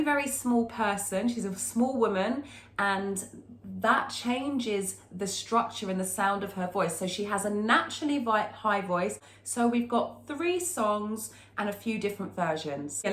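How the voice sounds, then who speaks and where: A woman's voice: medium pitch, lively intonation, a little slow, fairly bright tone, reverberant. A woman teaching a singing lesson, explaining technique and breaking into short sung demonstrations.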